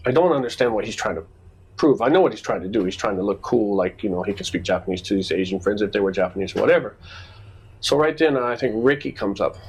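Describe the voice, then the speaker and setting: Husky man telling stories animatedly. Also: mid-range voice, poor audio. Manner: animated storyteller acting out quoted exchanges. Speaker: podcast co-host. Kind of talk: casual storytelling chat.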